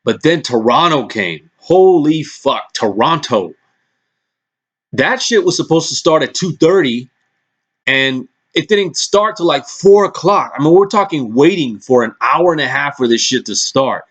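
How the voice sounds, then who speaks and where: A man in a casual vlog rant, worked up and swearing freely as he talks. He often restarts and stumbles over his sentences. His voice sits at an ordinary male pitch. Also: a little slow, highs cut off. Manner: excitable, swears a lot, frequent restarts. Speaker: vlogger recapping press conferences.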